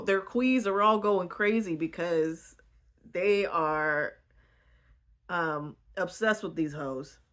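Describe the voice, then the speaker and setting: A woman casually retelling a book, animated and indignant, laughing easily. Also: on the low side. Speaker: book vlogger.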